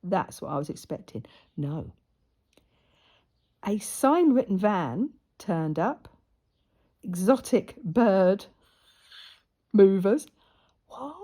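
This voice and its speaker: A woman's voice: medium pitch, sing-song, takes it slowly, long pauses, dark tone. A woman casually telling a story while she sews, chatty and laughing often. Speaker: crafter and vlogger. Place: at home in front of a camera.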